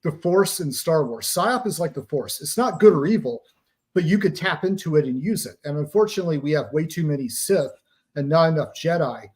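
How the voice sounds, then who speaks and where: A man's voice: a little high, expressive, fairly quick, a little mellow. A man being interviewed as an author, explaining psychological operations in a lecturing way with pop-culture analogies.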